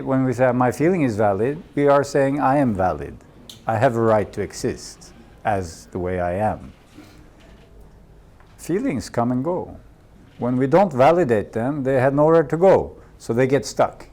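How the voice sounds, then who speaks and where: A man's voice: mid-range voice, a little mellow. A Norwegian man leading a coaching workshop, speaking unhurriedly in English as a second language and repeating key phrases for emphasis. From Norway. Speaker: workshop leader. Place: community workshop room.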